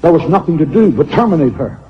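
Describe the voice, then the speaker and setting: Fiery high-voiced preacher man. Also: sing-song, fast talker, long reverb tail, dull audio. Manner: fiery preaching, swinging from shouts to hushed lines. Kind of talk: sermon.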